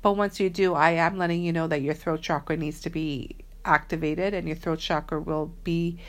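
A woman's voice: deep voice, fairly even intonation, normal speed. A woman talking casually and earnestly to her followers as a spiritual reader, chatty and slangy, with many fillers. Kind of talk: casual spiritual vlog talk.

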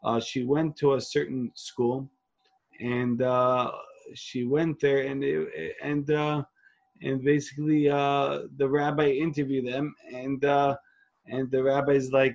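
A man's voice: medium pitch, level tone, slow, creaky, highs cut off. A man, a rabbi telling his story in an interview, earnest and full of restarts, dropping Hebrew and Yiddish phrases. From Queens, New York. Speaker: rabbi and organization leader, interview guest.

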